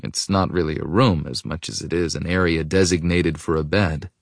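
A man narrating a first-person audiobook in a reflective, intimate way that often drops to a hush. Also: deep voice, steady tone, normal speed, creaky, no echo, studio quality. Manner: reflective, intimate, softening to hushed.

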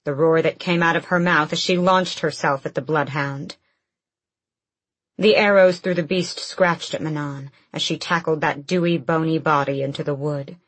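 A woman narrating a fantasy audiobook in a measured, steady storytelling manner. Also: deep voice, no room sound.

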